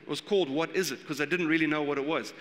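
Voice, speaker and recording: A man preaching a sermon as pastor, animated and acting out the voices he quotes. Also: on the high side, racing. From South Africa. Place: church hall. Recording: long church hall reverb.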